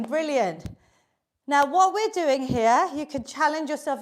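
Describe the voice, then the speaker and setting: A British woman leading a live online exercise class, upbeat and encouraging, counting down reps and a little out of breath. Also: high voice. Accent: British English. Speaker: fitness instructor. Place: home workout room.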